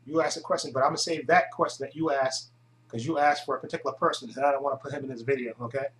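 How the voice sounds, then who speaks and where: A man's voice: medium pitch, fairly even intonation, rapid-fire, fairly bright tone, rough recording. A man hosting his own video channel, chatting casually to camera with many hesitations and restarts. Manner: rambling, full of hesitations and restarts. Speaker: YouTube channel host.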